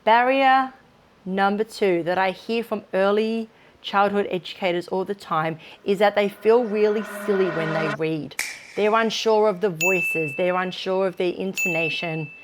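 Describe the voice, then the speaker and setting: A woman giving practical advice to early childhood teachers in an instructional video, speaking in an encouraging, down-to-earth way. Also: mid-range voice. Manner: practical, encouraging, demonstrates read-aloud intonation.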